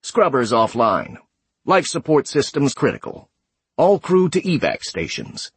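A man's voice: mid-range voice, huge pitch swings, a little slow, slightly rough, no echo, voice pushed up, heavily acted. A man voicing a male space station computer that calls out alarms in a nasal, clipped way. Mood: urgent alarm. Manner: clipped, urgent announcements.

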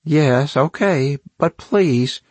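A man's voice: fairly high pitch, drawn-out words, darkish tone, slightly rough, dry recording, voice pushed up, full character voice. A man voicing an anxious female police detective who fires off urgent questions. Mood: exasperated.

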